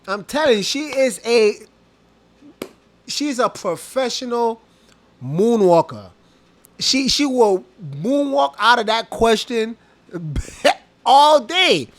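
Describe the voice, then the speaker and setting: Reaction host: high-voiced man, animated and scornful, dry close mic. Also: a little slow, no room sound. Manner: animated, laughs and mocks while ranting. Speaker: reaction commentator. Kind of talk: casual reaction commentary.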